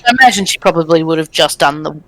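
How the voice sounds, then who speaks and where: A woman's voice: low voice, fast, poor audio. A woman playing a tabletop game, thinking aloud with ums and explaining rules to the table. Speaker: player.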